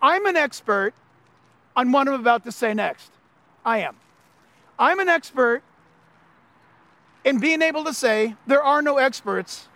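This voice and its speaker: A man with a very high voice delivers an animated sermon as a pastor. He preaches emphatically and leans on repeated phrases. The sound is close and dry. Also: no echo. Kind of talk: Easter sermon.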